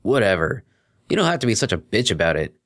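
Brief: a chill, chatty young stallion student, lively voice, read by a man. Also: on the low side, quick pace. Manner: easygoing and chatty. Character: laid-back young male earth pony student. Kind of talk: fan fiction reading.

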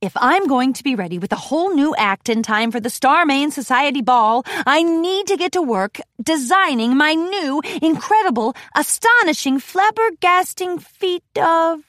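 A woman's voice: high-pitched, animated, normal speed, hardly any pauses, fairly bright tone, no room sound, clean studio sound, voice pushed up. A woman voicing a boastful unicorn mare magician who talks in a grand, theatrical, slightly huffy way.

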